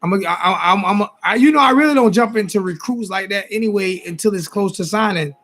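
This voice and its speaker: High-voiced man hosting a rambling late-night show. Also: fast talker, fairly bright tone. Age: 40s. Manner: rambling, repeats phrases, talks straight to chat. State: tired. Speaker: sports talk show host. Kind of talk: casual late-night livestream chat.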